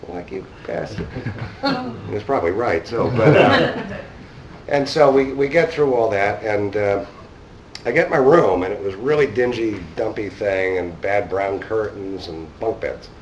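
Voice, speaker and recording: A man's voice: on the low side, unhurried, lo-fi sound. A man, speaking at a conference and telling a rambling, casual story in which he acts out the dialogue. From New York. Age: 50s. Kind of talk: anecdotal storytelling talk. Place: conference hall. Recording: distant mic in a hall.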